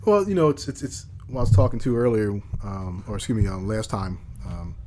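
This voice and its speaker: A man with a fairly low voice talks casually on a horror podcast. He stops and restarts often, feeling his way through his points. Clear background noise runs under his track. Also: sing-song. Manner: halting, many restarts and fillers. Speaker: podcast co-host. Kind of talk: casual chat.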